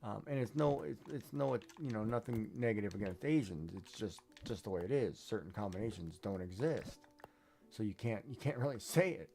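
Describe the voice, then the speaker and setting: A man's voice: on the low side, animated, moderate pace, creaky, dark tone. A man streaming a game, chatting casually and rambling, often checking in with "right?". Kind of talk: casual chat while gaming.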